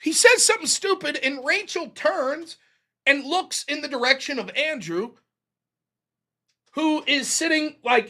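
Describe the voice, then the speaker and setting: A man's voice: extremely high pitch, pushed and bright. A man hosting a livestream, ranting casually and profanely about a debate, laughing often. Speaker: livestream host.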